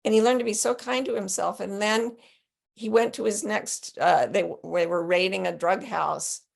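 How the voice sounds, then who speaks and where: A woman life coach and author as an interview guest, telling stories with lively acted-out quotes. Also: medium pitch, moderate pace, gravelly. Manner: animated storyteller who acts out quotes. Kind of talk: conversational interview.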